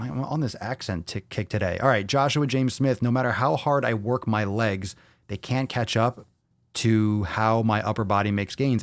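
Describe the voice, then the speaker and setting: A lower-voiced man hosts a loose livestream fitness Q&A. He talks bluntly and swears freely, all off-the-cuff, into a close, dry mic. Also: dry recording. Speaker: fitness podcast host. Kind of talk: casual livestream Q&A.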